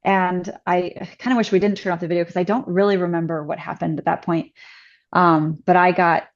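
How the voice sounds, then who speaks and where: A woman's voice: on the low side, fairly quick. Chatty woman with a dull, lo-fi sound. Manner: chatty, many "like" fillers, lively acted-out quotes. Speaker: podcast guest. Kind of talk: casual personal storytelling.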